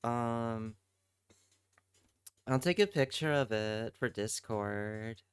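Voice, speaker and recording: A man's voice: medium pitch, takes it slowly, smooth, dry recording. A man streaming live, chatting casually with his viewers, swearing freely and answering their messages.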